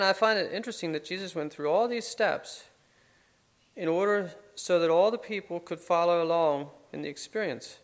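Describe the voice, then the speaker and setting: A man's voice: fairly high pitch, gravelly. A man giving an informal Bible study, talking things over conversationally with fillers and restarts. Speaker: Bible teacher.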